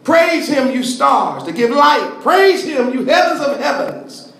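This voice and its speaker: A man preaching a sermon in a slow, rhythmic cadence, stretching words and rising to shouts. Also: extremely high pitch, animated, vocal fry. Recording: echoey hall, mic at a distance.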